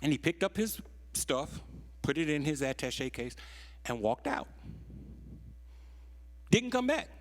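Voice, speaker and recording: Older pastor telling a story in a sermon, voice swoops up and down a lot, goes quiet then gets loud. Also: male voice, lively intonation. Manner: swings from low, hushed telling to loud, rising preaching; stretches key phrases slowly for emphasis.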